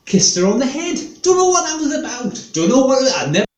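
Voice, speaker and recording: A man's voice: very high voice, very animated, brisk. Rambling man, echoey room. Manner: chatty, meandering, full of fillers. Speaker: stand-up comedian. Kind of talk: rambling stand-up storytelling.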